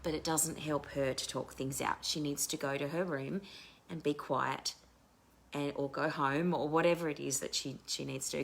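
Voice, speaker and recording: A woman with a notably low voice hosts a live online wellness talk. She speaks candidly and reflectively as a coach, restarting her sentences as she goes. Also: steady tone, moderate pace. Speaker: midlife coach and show host.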